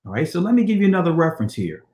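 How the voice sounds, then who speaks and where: A man giving a lecture on Hebrew letters and vowels, reading quoted passages slowly and asking rhetorical questions of his listeners. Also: on the high side, sing-song, a little mellow, roomy sound. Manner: reads quotes slowly, then repeats them with rhetorical questions. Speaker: religious teacher. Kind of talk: lecture over on-screen slides.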